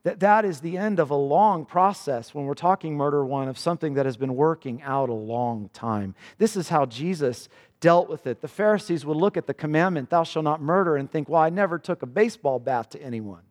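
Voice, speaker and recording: Earnest preacher in a reverberant hall. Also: male voice, a little mellow. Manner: earnest preaching, rises in pitch for questions, slows and drops low for solemn passages. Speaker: pastor. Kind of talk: sermon. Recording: long reverb of a church hall.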